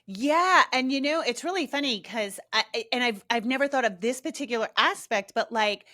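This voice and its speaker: A woman hosting a podcast in casual conversation, animated and blunt, laughing often and swearing mildly. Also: a little high, a little fast. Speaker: podcast host.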